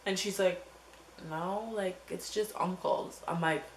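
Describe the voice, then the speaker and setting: A young woman telling a story on her vlog in a scattered, animated way, filled with fillers and acted-out quotes. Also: fairly low pitch, unhurried. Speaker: vlogger. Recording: echoey room with faint hum.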